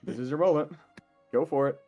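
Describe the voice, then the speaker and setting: A man's voice: mid-range voice, a little fast, warm tone, muffled recording, faint music behind. A man playing in a tabletop game, talking in an easygoing, slightly hesitant way. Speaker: player. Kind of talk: casual tabletop banter.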